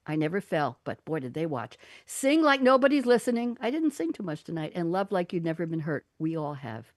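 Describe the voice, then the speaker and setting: A woman's voice: on the low side, sing-song, brisk, dry recording. A woman hosting a live online talk show into a studio mic, playful and laughing, with theatrical readings. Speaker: radio talk show host. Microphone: studio condenser mic.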